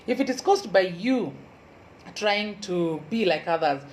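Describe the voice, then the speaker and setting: A woman with a Kenyan Luo accent, a university lecturer giving an earnest motivational talk and repeating key advice slowly for emphasis. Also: medium pitch, animated, a little hiss or hum, rough recording.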